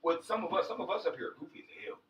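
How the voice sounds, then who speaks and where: Male co-host, quick and chatty, slightly higher voice, muffled roomy off-mic recording. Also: distant mic. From US West Coast. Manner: animated storytelling, repeats "you know what I'm saying". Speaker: podcast co-host. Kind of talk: casual chat. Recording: dull, roomy, off-mic sound.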